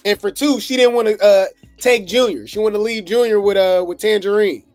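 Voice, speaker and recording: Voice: mid-range voice, a little fast, a little mellow, no echo, soft background music. A gossip commentary host, reacting to clips with sarcastic, incredulous asides.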